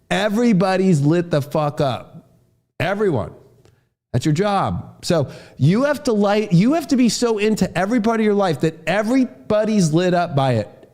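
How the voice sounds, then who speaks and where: A profane, excitable man talks through a horoscope forecast. His voice sits a bit higher than most men's. He slips into quoted voices and breaks into shouts. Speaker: astrologer.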